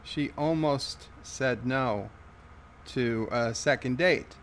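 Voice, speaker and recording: Slow-talking man reading stream chat. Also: mid-range voice, a little hiss or hum. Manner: halting, many fillers and restarts, wry. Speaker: livestream host. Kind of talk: casual livestream chat, reading comments aloud.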